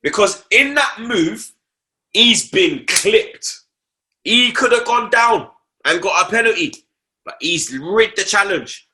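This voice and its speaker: A man's voice: sits high, lively intonation, takes it slowly, pushed and bright, a little hiss or hum. A young man, talking football on a casual podcast, slangy and repeating himself for emphasis.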